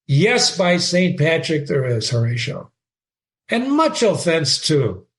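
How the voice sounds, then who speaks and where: A man's voice: a little high, very animated, slow, exaggerated voice. Man reading as a brooding young prince. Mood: earnest. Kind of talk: dramatic reading of a play.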